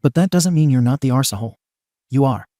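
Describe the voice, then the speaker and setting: A man narrating a story in an even, steady scripted read. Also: mid-range voice, quick pace, dry recording, clean studio sound.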